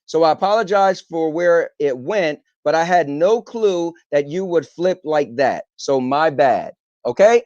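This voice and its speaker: Casting: male podcast host, rambling storyteller, fairly high voice, dry dull lo-fi mic. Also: no room sound. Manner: rambling, animated retelling with filler ums. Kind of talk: casual storytelling monologue.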